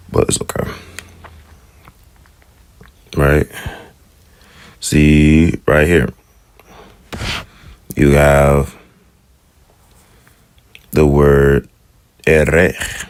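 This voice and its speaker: A man teaching Hebrew letters in a casual lesson, thinking aloud and repeating sounds slowly. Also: extremely low pitch, no echo. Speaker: self-taught Hebrew teacher. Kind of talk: casual screen-share lesson.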